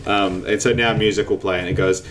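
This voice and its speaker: A man's voice: fairly low pitch, fairly even intonation, quick pace, over loud music. A man with a New Zealand accent co-hosting a podcast, chatty and joking in casual talk. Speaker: podcast co-host.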